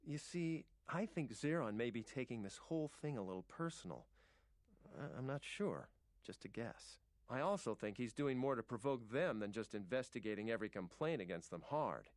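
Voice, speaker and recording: Man doing a game townsman, secretive, hesitant, lively pitch, dry close studio sound. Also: moderate pace, no echo, natural voice. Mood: conspiratorial. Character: adult male game townsman, secretive informant. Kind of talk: video game voice acting.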